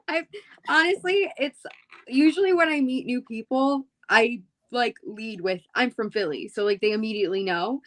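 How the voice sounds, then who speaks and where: A woman from Philadelphia chatting casually on a podcast, relaxed and laughing often. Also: fairly high pitch. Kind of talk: casual chat.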